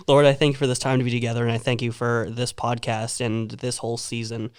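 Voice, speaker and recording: A teenage boy co-hosting a youth faith podcast, speaking at an ordinary pitch. His recording is dry and close with no room sound. He jokes with friends and prays in a hesitant, filler-heavy way. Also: level tone, smooth, no echo. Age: teens. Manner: joking, then halting quiet prayer with many fillers. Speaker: podcast co-host. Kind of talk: casual chat among friends.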